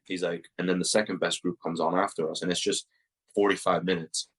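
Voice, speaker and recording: A man's voice: deep voice, level tone, brisk, fairly bright tone, slightly rough, rough recording. A young man from Uruguay and the US, telling stories in a casual podcast interview, packing his speech with "like" and "you know". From Uruguay and the United States. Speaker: podcast guest, soccer player.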